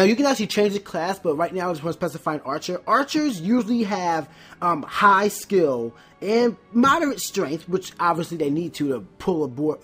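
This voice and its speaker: A Let's Play host giving casual gameplay commentary, often stumbling, restarting words and filling pauses with "um". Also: medium pitch, a bit bright, slightly rough.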